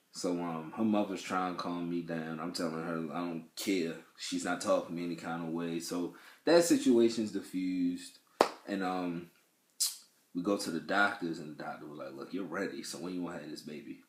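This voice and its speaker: A young man telling, in casual vlog style, how his first child was born, animated and swearing freely as he acts out what people said. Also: sits low, moderate pace, echoey room.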